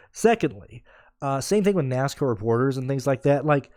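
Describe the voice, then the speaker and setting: A man's voice: medium pitch, expressive, normal speed, darkish tone, dry recording, studio quality. A man ranting in a casual podcast, blunt and sarcastic, swearing freely and rambling with restarts. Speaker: podcast host. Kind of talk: casual rant.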